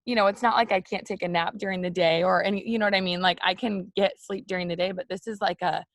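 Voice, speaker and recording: A woman talking straight to her viewers in a casual, heartfelt morning video. Her voice has a gravelly vocal fry, and the sound is dry and close with no room echo. She fills her talk with "like" and "you know" as she confides. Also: medium pitch, steady tone, fast talker. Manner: open, confiding, many "like" and "you know" fillers. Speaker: host of a morning live video for women.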